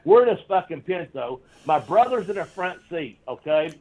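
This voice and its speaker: A man's voice: a little high, sing-song, moderate pace, darkish tone. A man, a guest on the show, telling a long story in a casual, profane, rambling way, laughing often. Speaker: guest, former pro wrestler. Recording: dull lo-fi audio.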